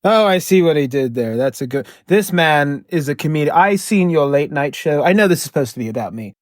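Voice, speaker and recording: A man plays an eccentric male superhero who claims to have lived for ages, rambling flamboyantly in shifting put-on accents. His voice sits fairly high and sounds close and dry. It is an improvised comedy podcast. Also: lively intonation, a little fast, no room sound, close to an everyday voice.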